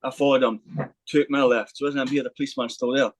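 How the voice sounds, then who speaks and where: A man, a podcast guest telling a lively anecdote in casual chat, swearing freely and acting out the voices of the people in his story. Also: medium pitch, fast, no echo, low-quality recording.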